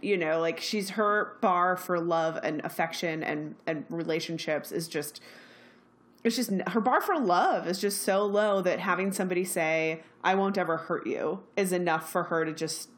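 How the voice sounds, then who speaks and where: A young woman co-hosting a podcast, emphatic and animated in casual chat. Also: fairly low pitch, moderate pace. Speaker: podcast co-host.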